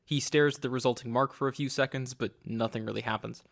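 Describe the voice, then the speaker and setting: A man narrating a tabletop role-playing game as game master, lively and playful. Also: mid-range voice, fast talker, gravelly. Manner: lively, acts out scenes with laughs.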